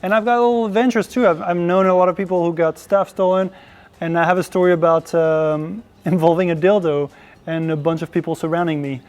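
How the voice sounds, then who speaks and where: High-voiced man hosting a casual chat. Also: steady tone, a little fast, a little mellow. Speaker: host.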